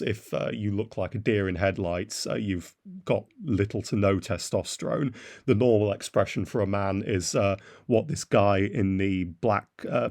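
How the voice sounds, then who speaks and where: A man's voice: fairly low pitch, a little mellow. A man giving a blunt, derisive opinion monologue as a commentator, with frequent "uh" fillers. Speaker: political commentator.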